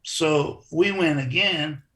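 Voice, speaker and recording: A man telling stories in a casual interview, animated and acting out other people's lines. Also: on the high side, takes it slowly. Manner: animated storyteller who acts out quoted voices. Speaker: interview guest, former wrestler.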